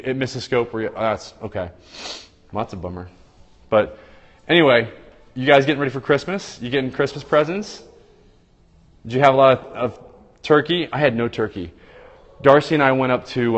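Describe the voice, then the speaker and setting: A man's voice: lowish voice, in a large hall. A man hosting a casual phone livestream, chatting loosely and reading out viewers' comments. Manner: chatty, reads viewer comments aloud and greets viewers by name. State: tired after a long day. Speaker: livestream host.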